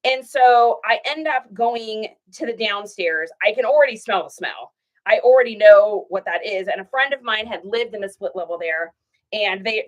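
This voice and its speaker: A woman's voice: mid-range voice, poor audio. A middle-aged woman chatting to livestream viewers from home, telling a long story and acting out the voices of the people in it. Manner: chatty, animated, acts out quoted voices. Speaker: reseller livestream host.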